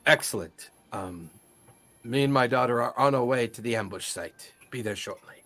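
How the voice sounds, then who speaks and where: A gruff warrior father who speaks in short, businesslike bursts, voiced by a man dropping his voice well below his own. His tone is low and clipped, as if he has no time to waste. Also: normal speed, fairly bright tone, lightly acted. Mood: curt.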